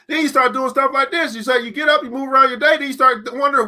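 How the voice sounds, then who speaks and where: A man teaching a motivational class in an emphatic, preacher-like way, repeating key lines slowly and speaking straight to his listeners. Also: very high-pitched, fairly even intonation, bright, forceful tone. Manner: addresses listeners directly as beautiful people. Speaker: teacher and book club host.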